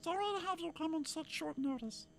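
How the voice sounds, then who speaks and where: A man voicing a brisk male navy ship captain in a high, squeaky put-on voice. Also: vocal fry, fairly bright tone, a little hiss or hum, heavily acted. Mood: commanding.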